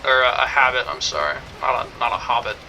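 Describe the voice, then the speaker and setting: A man's voice: mid-range voice, expressive, quick pace, vocal fry, bright, forceful tone, a little hiss or hum, low-quality recording. A young man streaming a game, rambling and joking in casual commentary, swearing now and then.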